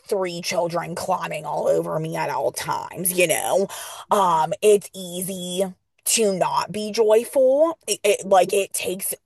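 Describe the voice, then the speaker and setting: A woman host asking questions slowly and hesitantly, with many fillers. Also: fairly low pitch, creaky, darkish tone, husky, no echo. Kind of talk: casual interview.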